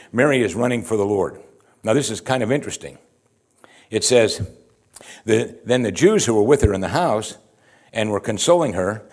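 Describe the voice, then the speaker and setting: Here a man with a medium-pitched, somewhat mellow voice delivers a sermon of verse-by-verse Bible teaching. Scripture readings are followed by explanations built on rhetorical questions and frequent uses of "you see."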